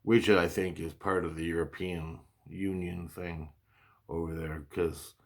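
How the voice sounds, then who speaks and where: A man's voice: deep voice, flat delivery, a little slow. A man telling a long story in a casual, rambling monologue, repeating himself and swearing now and then. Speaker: vlogger recounting spiritual experiences.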